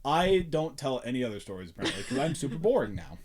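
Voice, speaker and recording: Male podcast host, casual chat, rambling story, laughs a lot, lively pitch. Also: quick pace, a crowd in the background.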